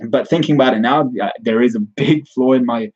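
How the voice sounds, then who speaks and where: A man's voice: medium pitch, a little fast, a little mellow, highs cut off. A man giving a casual spoken recap and review of a comic chapter, rambling with frequent restarts and self-corrections.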